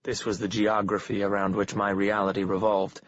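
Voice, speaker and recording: A man with a husky voice giving a calm, cold, measured first-person reading of a novel. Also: fairly low pitch, no room sound. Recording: dull lo-fi dry recording.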